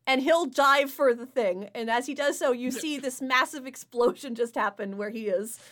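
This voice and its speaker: A woman's voice: sits high, normal speed, fairly bright tone. A woman narrating as game master of a tabletop role-playing game, laughing easily between descriptions. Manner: laughs often while narrating.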